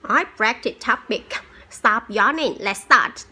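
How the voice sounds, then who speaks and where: A woman opens her practice video in a slow, careful reading voice. Her voice is bright and a bit high. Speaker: channel host practicing English. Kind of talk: scripted lesson intro.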